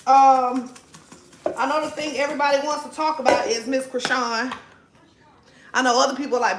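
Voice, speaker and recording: A young woman with a high voice chats through a home cooking vlog, swearing freely and laughing often. Her volume jumps from loud bursts to near mutters. The kitchen rings with echo, with a faint hiss of noise behind her. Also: fairly even intonation, moderate pace, pauses often. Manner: chatty, profane, laughs often, swings loud and soft. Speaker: vlogger. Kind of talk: casual cooking vlog chat. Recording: echoey room, faint noise.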